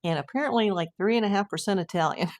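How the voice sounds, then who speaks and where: An older woman from the United States, hosting a casual livestream, chatting and reading out viewer messages with frequent exclamations. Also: mid-range voice. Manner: chatty and exclamatory, quick to say wow. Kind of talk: casual live chat.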